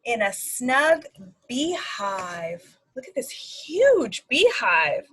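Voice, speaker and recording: A woman's voice: fairly high pitch, very slow, breathy edge, low-quality recording. Sing-song woman reading to preschoolers. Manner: animated, sing-song storytelling with animal sounds. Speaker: speech-language pathologist. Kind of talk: reading a picture book aloud to preschoolers. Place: at home.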